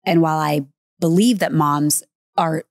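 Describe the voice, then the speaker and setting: A woman in her forties hosting a parenting podcast, speaking in a warm, affirming and reflective way about raising teenagers. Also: low voice, steady tone, a little slow, dry recording, studio quality. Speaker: podcast host and mother. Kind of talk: conversational podcast talk.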